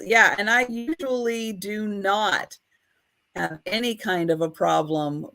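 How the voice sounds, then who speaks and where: This is a woman co-hosting a live vintage sale over a home internet stream. She takes her time, talking at a slow, deliberate pace. Her item descriptions are careful and full of small ums and restarts. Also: on the low side, a bit bright. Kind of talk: live online sales chat. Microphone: streaming over a home internet connection.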